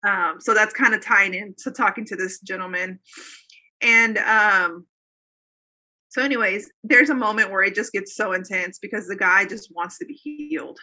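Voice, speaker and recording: A woman in her thirties or forties, appearing as a guest, tells a personal faith story in an earnest, rambling, conversational way, full of fillers and restarts. Her voice is medium-pitched and bright, with a forceful tone and a moderate pace.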